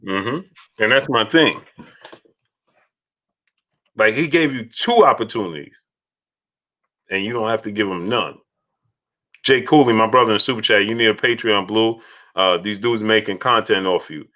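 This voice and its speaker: A low-voiced man runs a casual livestream chat, calling out names from the chat. His voice is bright and forceful and sits low. He repeats phrases as he goes. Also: measured pace, pauses often. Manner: shouts out chat donors, repeats himself. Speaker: livestream host.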